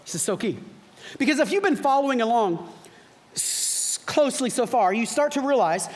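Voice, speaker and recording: Male pastor, high voice, casual teaching sermon in a church, stumbles and repeats, rises to fervent peaks. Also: animated, normal speed. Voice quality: frequent repeated words and restarts. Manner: conversational teaching, bursts of fervent emphasis.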